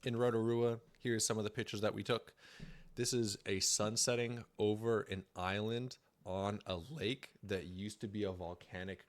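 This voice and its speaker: A young man with a low, deep voice talks through a slideshow on a livestream. His delivery is chatty and jokey, loose and casual, with easy humor running throughout. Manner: jokey, chatty, laughs often. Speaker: student presenter livestreaming.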